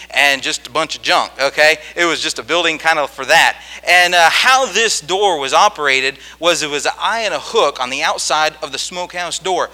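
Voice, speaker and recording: Male preacher, high voice, very lively pitch, sharp bright tone, folksy storytelling, keeps asking "okay?". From rural farm upbringing. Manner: animated, folksy, checks in with "okay?". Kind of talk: sermon storytelling.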